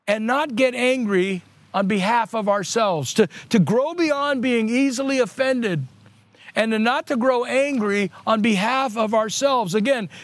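A middle-aged man preaching a sermon with an unusually high voice. He is earnest and deliberately repeats his points for emphasis, and the sound is close and dry, with no room echo. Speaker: pastor.

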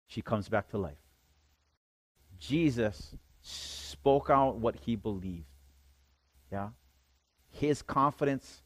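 A man's voice: mid-range voice, no echo. A man preaching a sermon, reading scripture aloud and explaining it, often checking in with his listeners. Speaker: pastor.

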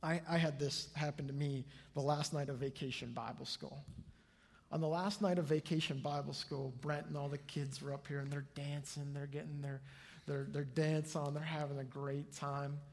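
A man preaching from the front of a church, his slightly high voice carrying a husky grain. He tells his stories with animation and acts out the people in them, and a long reverb hangs behind every line as it fills the hall. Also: normal speed. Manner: lively storytelling, acts out the people in his anecdotes. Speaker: pastor. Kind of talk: sermon. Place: church sanctuary before a congregation.

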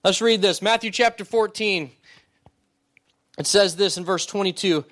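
A man's voice: sits high, normal speed, long pauses, fairly bright tone, no echo. A man preaching a sermon in a conversational way, often asking "right?" and restarting words. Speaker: pastor.

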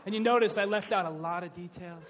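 High-pitched guy preaching, keeps asking right?, loose and jokey, from around new york. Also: fast, slight background noise. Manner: animated, conversational, joking, asks the audience "right?". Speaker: pastor. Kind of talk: sermon.

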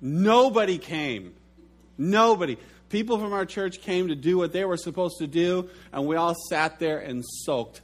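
A middle-aged pastor preaching a sermon, telling stories with lively swings in his delivery. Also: high-pitched, normal speed. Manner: animated storytelling, acts out his own shouted outburst.

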